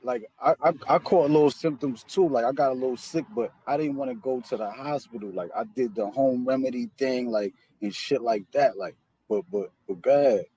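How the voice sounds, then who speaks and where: A man hosts a casual interview, speaking in relaxed slang and calling his guest bro. His voice is husky and mid-pitched, and the recording is dry with no room sound. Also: fairly quick, hardly any pauses, no echo, low-quality recording. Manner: laid-back slang, calls the guest bro. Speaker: host.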